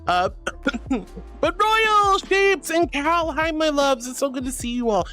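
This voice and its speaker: A woman's voice: high-pitched, animated, a little slow, fairly bright tone, soft background music. A woman streamer with a bubbly, giggly, affectionate manner, chatting casually and reading her chat aloud.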